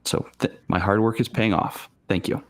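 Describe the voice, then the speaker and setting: Deep-voiced man explaining game rules. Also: steady tone, moderate pace. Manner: thoughtful, explanatory, with fillers. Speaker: panelist on a tabletop gaming stream. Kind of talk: casual chat about game mechanics. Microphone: studio microphone.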